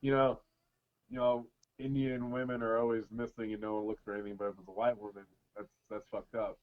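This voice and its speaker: Loud laughing podcast guy, lo-fi. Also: fairly low pitch, little pitch movement, a little fast. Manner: loud, laughing, profane storytelling. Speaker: podcast co-host. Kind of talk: casual chat. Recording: dull lo-fi sound.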